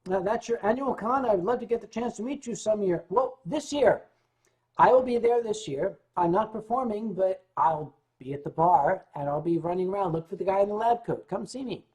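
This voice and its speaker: Answering his chat, this man hosting a livestream talks casually and tells animated stories at a moderate pace, his pitch and volume swinging widely. He trips over his words and starts again once things get serious.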